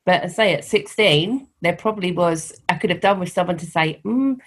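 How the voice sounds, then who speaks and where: A middle-aged woman with a softened London Cockney accent, talking candidly as an interview guest and telling stories with animation. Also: lowish voice, brisk. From East London, England. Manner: candid, animated storytelling with laughs. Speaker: guest, founder of a women's network. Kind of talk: conversational interview.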